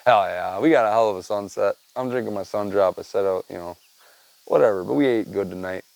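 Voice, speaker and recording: Fairly low and gravelly with a darkish tone, this man's voice runs a little fast as he hosts a podcast. He rambles through casual stories, swearing and staying relaxed, often adding "man" and "dude." The recording is rough, lacking any room sound.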